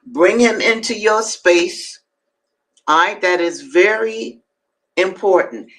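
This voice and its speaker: A woman hosting a live-streamed reading, talking to viewers between passages and jumping up in pitch to stress her points. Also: fairly bright tone, poor audio. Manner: emphatic, swings up high to stress points; chatty asides to viewers. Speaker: host and reader.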